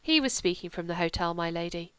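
Woman playing a quiet formal butler, deferential, audiobook. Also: lowish voice, lively intonation, fairly quick, clean tone, no echo.

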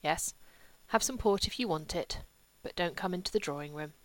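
A woman voicing a stiff elder brother who speaks curtly and quietly. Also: fairly low pitch, normal speed, no room sound, natural voice, poor audio.

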